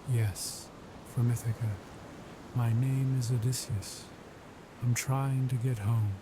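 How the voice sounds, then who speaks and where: A man's voice: mid-range voice, slow pace, natural voice. A man reading as a weary shipwrecked hero. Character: weary shipwrecked male hero, humble and hoarse. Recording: steady ambient background noise.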